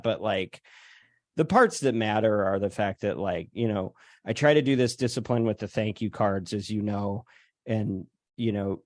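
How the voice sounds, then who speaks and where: A man hosting a casual chat on a video call, speaking thoughtfully with many pauses and fillers. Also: on the low side, a little mellow, no room sound, clean studio sound. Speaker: host.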